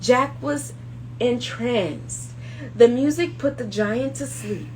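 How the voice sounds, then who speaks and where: A woman hosting children's circle time, reading a storybook aloud slowly and expressively, hushed at calm moments. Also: a little high, slight background noise, low-quality recording.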